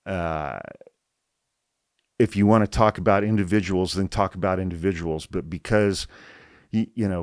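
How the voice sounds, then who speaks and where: A man hosting a political commentary podcast reads an article aloud, speaking bluntly and heatedly, swearing often and repeating points for emphasis. His voice sits low, with clean studio sound and no room sound.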